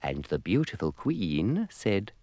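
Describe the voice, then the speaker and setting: A man's voice: deep voice, huge pitch swings, slow, mellow, dry recording. A man narrating a storybook record in an arch, playful, wry manner.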